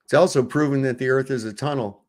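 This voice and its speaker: A man's voice: medium pitch, fast talker, darkish tone. A man hosting a casual commentary show, reacting sarcastically to videos with frequent swearing. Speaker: host.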